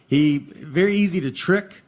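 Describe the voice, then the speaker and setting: A man performing a stand-up comedy set, telling stories in a slow deadpan way with hesitant pauses. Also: a little high. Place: live comedy venue with audience. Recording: live show with audience laughter and background noise.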